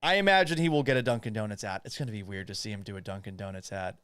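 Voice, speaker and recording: A man hosting casual sports talk, answering viewer comments bluntly and with plenty of swearing. His voice is smooth and clear, at a middle pitch. The sound is dry and close. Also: very fast, hardly any pauses, a bit bright, dry recording. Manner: blunt, profane, joking. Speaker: podcast host.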